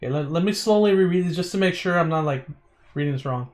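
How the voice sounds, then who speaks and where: A man's voice: a little high, fast. A man streaming a visual novel, reading the text aloud in a casual way, stumbling over words and breaking off into chatty asides.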